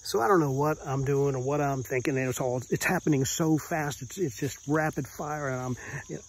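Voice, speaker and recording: Brief: middle-aged male storyteller, ordinary mid voice, halting and urgent, faint cricket noise behind. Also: medium pitch, poor audio. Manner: rambling and intense, with many restarts and "you know"s. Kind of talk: telling a true story from his youth.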